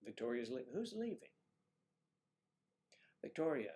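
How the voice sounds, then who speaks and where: A man hosting a livestream, chatting casually with viewers and joking, with quiet, half-whispered asides. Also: medium pitch, big pitch swings, moderate pace, pauses often. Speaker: livestream host. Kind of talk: casual chat reading viewer comments.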